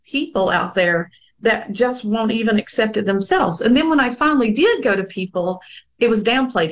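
Woman telling her own story, slightly muffled. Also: on the high side. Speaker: survivor interview guest. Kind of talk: personal testimony.

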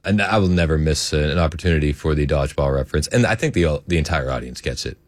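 A man's voice: rumbling low, quick pace, no echo, studio quality. A man, hosting a talk radio show in a chatty, joking way with frequent laughter.

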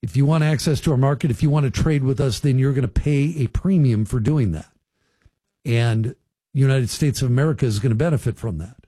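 A man's voice: medium pitch, fairly quick, dark tone, slightly rough, no echo. A man hosting a radio talk show, chatting casually with listeners and riffing on the news with folksy asides. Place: radio studio.

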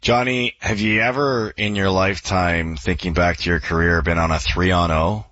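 Male sports radio co-host, bright lively voice, dry lo-fi sound. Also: low-pitched, moderate pace, dry recording. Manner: chummy, frequent yeahs. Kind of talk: casual sports radio chat.

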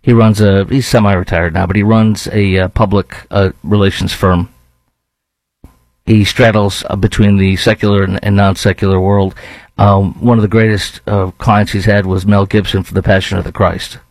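A man's voice: fairly low pitch, little pitch movement, moderate pace, a little mellow, dry recording, poor audio. A man hosting a show of opinionated political commentary, talking in a sarcastic, argumentative way. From lives in Dallas-Fort Worth.

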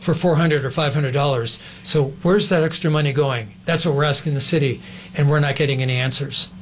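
Man, talk show guest, urgent, insistent, rhetorical questions, slightly high voice, faint background noise. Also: fairly even intonation, fairly quick. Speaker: guest, advocacy group organizer. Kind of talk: interview talk.

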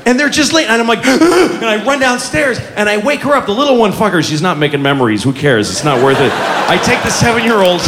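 Man, stand-up comedian, high voice, very animated, profane, live audience, noisy room. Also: a little fast, a crowd in the background. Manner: animated, profane, self-mocking. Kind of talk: stand-up storytelling. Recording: live club with audience and noise.

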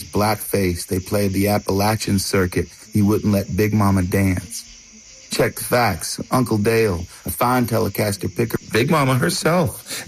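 A man's voice: sits low, a little hiss or hum, low-quality recording. A man from North Carolina, telling his story as rhythmic, declaiming spoken word.

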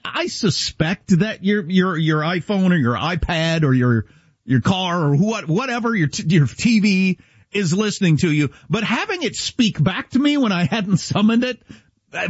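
A man from Kansas tells a story on a talk show, acting out the dialogue he quotes. His voice is husky and climbs and drops widely. The recording sounds dry and a little dull. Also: sits high, normal speed, no room sound. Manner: animated, storytelling, quoting dialogue. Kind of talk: casual storytelling chat.

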